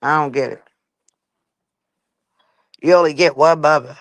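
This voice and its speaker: A woman's voice: deep voice, unhurried. A woman speaks straight to her viewers, telling her own story in a blunt, emphatic way with plenty of swearing. The recording is dry and close, with no room echo.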